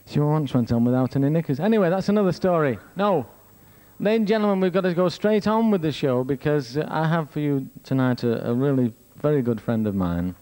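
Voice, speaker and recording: A man's voice: a little high, animated, fairly quick, dark tone. Cheeky male compere on stage. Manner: cheeky, teasing banter. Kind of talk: stage introduction. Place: theatre stage, live show.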